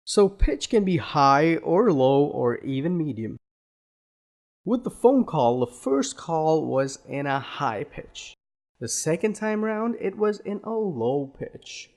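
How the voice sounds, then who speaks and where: A man gives a spoken English lesson in a slightly high, very lively voice. He talks slowly and deliberately, like an accent coach walking through each point. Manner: slow, deliberate teaching with acted example phrases.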